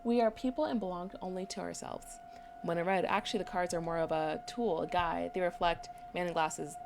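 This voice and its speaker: Woman with vocal fry reading game dialogue. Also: fairly low pitch, steady tone, noisy background. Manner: reads dialogue aloud between quick asides. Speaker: game streamer. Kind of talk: let's play commentary, reading game dialogue aloud.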